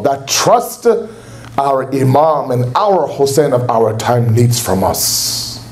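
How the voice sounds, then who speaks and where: In a lecture hall at a religious center, a young man delivers an impassioned sermon to a religious gathering, raising his voice as he acts out quotes. His voice sits at a medium pitch and sounds animated, and he takes his time with the words. A slight background noise can be heard.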